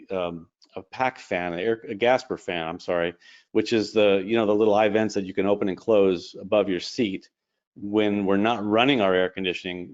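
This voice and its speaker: Low-voiced man telling a cockpit story. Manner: animated, fast retelling with quoted dialogue. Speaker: airline captain guest. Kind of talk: casual interview storytelling. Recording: dull lo-fi stream audio.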